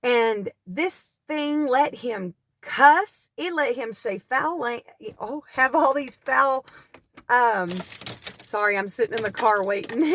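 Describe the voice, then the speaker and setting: A woman telling a personal deliverance testimony in an earnest, animated storytelling way, speaking from a parked car. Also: high-pitched, no echo. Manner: earnest, animated storyteller who acts out cries. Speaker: deliverance minister.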